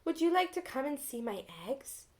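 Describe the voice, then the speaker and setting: A woman voicing a gentle mother hen who longs for babies, in a soft, wistful storybook manner. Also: high-pitched, animated, normal speed. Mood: hopeful.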